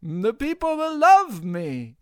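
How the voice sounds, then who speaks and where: A pushy, self-satisfied stereotype Russian man, put on by a man for a comedy bit, in a deliberately bad Russian accent. His voice sits well above an ordinary man's, and it sounds dry and close with no room around it. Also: very high-pitched, wildly swooping pitch, smooth, no echo, pitched above the performer's own voice, full character voice. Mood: boastful.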